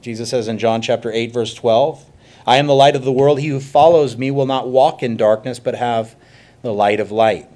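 A male pastor delivering a sermon in a mid-range voice. He preaches emphatically, building loud and sinking quiet, and drops into casual asides to the congregation. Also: mid-range voice, steady tone, normal speed.

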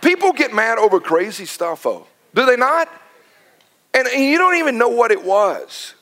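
A middle-aged man preaching a sermon as pastor, telling stories with lively quoted dialogue. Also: extremely high pitch, moderate pace. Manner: animated storytelling with quoted dialogue.

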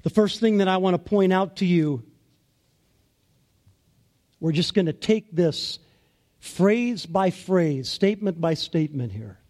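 A man preaching a sermon as pastor, in a slow, deliberate and emphatic way. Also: high-pitched, animated, a little mellow.

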